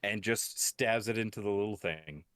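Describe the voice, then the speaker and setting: A man plays a tabletop game, speaking in a halting way and filling pauses with ums. His voice is fairly low. The sound is dry and close. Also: a bit bright, dry recording. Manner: hesitant, halting, many ums. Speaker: player.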